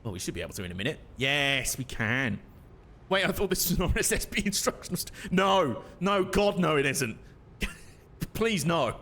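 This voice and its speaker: A man's voice: fairly high pitch, big pitch swings, moderate pace, fairly bright tone. A young man casually commentating his own gameplay on a stream, chatty and self-mocking, laughing often.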